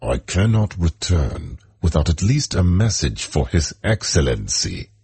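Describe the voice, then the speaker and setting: A burly sergeant major speaks abruptly and harshly. The voice sits very low and gravelly, delivered slowly, by a man reading aloud. It sounds dark and rough, like a storybook character. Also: very animated, no echo, heavily acted. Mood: gruff. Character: gruff male sergeant major, powerful and abrupt.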